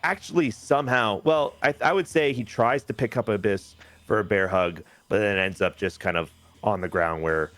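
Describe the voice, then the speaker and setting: A man's voice: lowish voice, dry recording, soft background music. Man hyping up a wrestling game. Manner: animated, jokey storytelling with quick asides. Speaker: game commentator. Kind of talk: hyped wrestling-game play-by-play.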